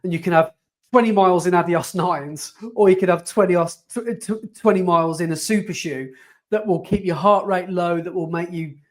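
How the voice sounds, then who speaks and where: A man's voice: high voice, moderate pace. A man co-hosting a running podcast, chatting casually and animatedly and laughing often. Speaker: podcast co-host. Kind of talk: casual chat.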